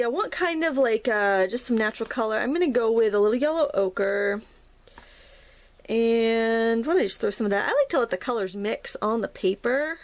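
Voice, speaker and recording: A middle-aged woman from New England, chatting and rambling while she teaches a watercolor painting tutorial, often laughing at herself. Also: fairly high pitch. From New England, United States. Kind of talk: casual narrated painting tutorial.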